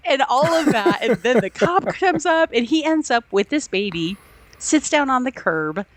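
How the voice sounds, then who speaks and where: A woman's voice: sits high, lively intonation, normal speed, no room sound. Chatty, enthusiastic woman podcast co-host. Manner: enthusiastic, retells scenes with acted-out quotes and frequent laughter. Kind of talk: casual film discussion.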